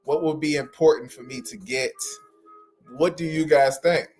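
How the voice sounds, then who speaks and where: A man's voice: fairly high pitch, steady tone, moderate pace, a little mellow, soft background music. A man hosting a livestream for sign language interpreters, talking casually and informally to viewers, often repeating phrases for emphasis. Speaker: host of an interpreting practice livestream.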